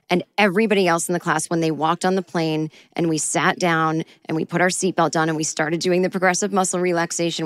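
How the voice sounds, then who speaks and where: Animated woman telling a personal story. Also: lowish voice, no echo, clean studio sound. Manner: animated, self-mocking, acts out quotes. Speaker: storyteller guest.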